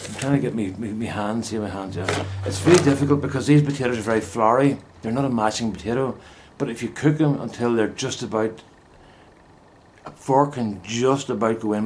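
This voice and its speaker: Older man, lowish voice, chummy rambling gardener talk, outdoors, faint wind behind. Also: a little mellow. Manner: meandering, chummy, many restarts and asides. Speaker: gardening vlogger. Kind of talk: casual rambling chat to camera. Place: outdoors in a windy vegetable plot.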